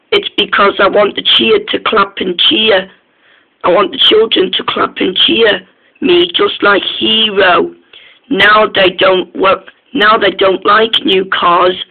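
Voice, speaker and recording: A man voicing an eager, jealous young male train engine in a storybook reading, speaking haltingly and restarting his lines, on a tinny, phone-like recording. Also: sits high, full character voice.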